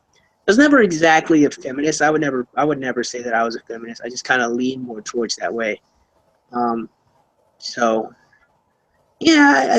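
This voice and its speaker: A young man talks through his answers in a loose, unhurried ramble, circling back with fillers and repeated starts. His voice sits at an ordinary middle pitch. The recording is dry and close, with no room sound around him. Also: a bit bright, no echo, low-quality recording. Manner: rambling, hesitant, many fillers and restarts. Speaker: YouTuber being interviewed. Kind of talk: casual interview answers.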